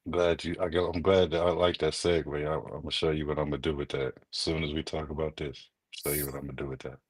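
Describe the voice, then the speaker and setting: A man co-hosting a sports podcast, talking in a loose, slangy, excitable way and laughing often. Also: very deep voice, fast talker, husky, no room sound. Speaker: podcast co-host. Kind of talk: casual sports chat.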